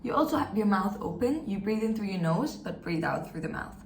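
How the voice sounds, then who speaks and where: A woman's voice: mid-range voice, expressive, brisk, vocal fry, reverberant, a little hiss or hum. A woman, a teacher giving an encouraging, step-by-step pronunciation lesson and having learners repeat after her. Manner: encouraging, demonstrates sounds and has learners repeat. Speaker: German language teacher.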